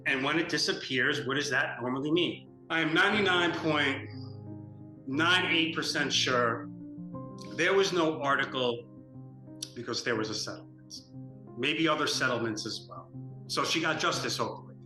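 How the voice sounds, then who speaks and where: A man's voice: a little high, normal speed. Indignant man in an echoey interview. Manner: indignant, animated, many fillers like "like". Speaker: documentary interviewee. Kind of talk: documentary interview. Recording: echoey room with music underneath.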